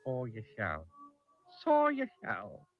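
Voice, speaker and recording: A man's voice: medium pitch, huge pitch swings, slow, soft background music. A man voicing a cheeky, mischievous male goblin in a 1970s cartoon, with a gleeful, teasing manner, heard on a dull old TV soundtrack.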